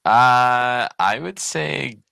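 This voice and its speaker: A man from British Columbia, chatting casually with lots of fillers and quick laughs. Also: mid-range voice, vocal fry, bright, forceful tone, clean tone, no echo, studio quality. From British Columbia, Canada. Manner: fast, laughing, filler-heavy. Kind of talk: casual profane chat.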